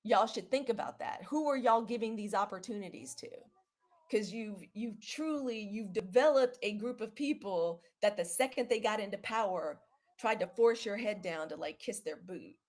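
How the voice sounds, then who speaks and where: A young woman from the South, casually chatting to viewers in a live video, animated and saying y'all. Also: medium pitch, normal speed. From Southern US (Mississippi). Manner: chatty and animated, says y'all, quotes others in lively put-on voices. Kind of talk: casual livestream monologue.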